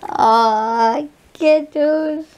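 A woman's voice: sits high, very slow, a little mellow. A young woman, chatting casually in a home vlog, cooing at her pet and giggling. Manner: talks sweetly to her pet, giggly, frightened asides. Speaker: vlogger.

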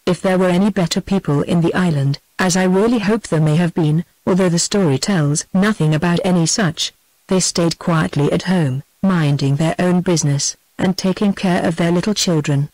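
A synthetic text-to-speech woman's voice with a British English accent, reading a storybook in an even, measured way. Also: on the low side, dry recording, poor audio. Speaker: audiobook narrator.

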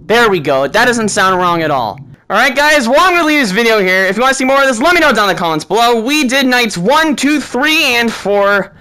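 A gaming YouTuber giving let's-play commentary, talking to themself and to game characters, swinging between frantic yelling and low muttered asides. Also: big pitch swings, a little fast, hardly any pauses, rough recording.

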